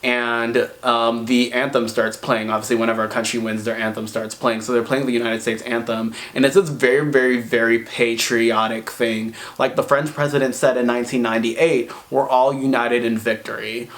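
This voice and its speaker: A man's voice: mid-range voice, level tone, moderate pace, hardly any pauses, a bit bright. A man hosting a history video, talking casually with wry asides and words repeated for emphasis. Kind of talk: casual spoken commentary.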